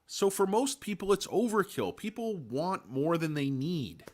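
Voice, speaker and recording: A man hosts a casual stock market live stream, rambling through his points, making crude jokes as asides, and greeting chat viewers by name. His slightly high voice swings widely in pitch at a measured pace.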